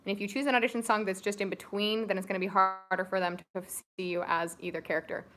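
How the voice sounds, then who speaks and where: A woman's voice: mid-range voice, flat delivery, fast talker, fairly bright tone, a little hiss or hum. A young woman co-hosting a casual livestream, chatting with viewers and giving audition tips. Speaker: co-host of a family livestream. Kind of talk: casual live-stream chat.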